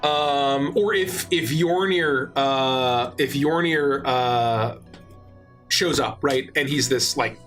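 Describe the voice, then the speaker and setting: A man's voice: mid-range voice, takes it slowly, fairly bright tone, soft background music. Emphatic, explanatory man. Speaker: talk show panelist and game master. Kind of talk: casual talk show chat.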